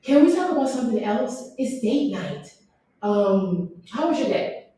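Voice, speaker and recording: A woman's voice: a little high, very animated, unhurried, dark tone. A woman acting a troubled detective wife in a live sketch, brushing off her husband's questions. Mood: evasive. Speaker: actress in a stage sketch. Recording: echoey room, mic far off, faint noise.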